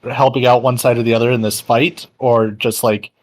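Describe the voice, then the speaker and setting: A man talking as a player in a tabletop game, deliberately laying out plans. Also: mid-range voice, little pitch movement.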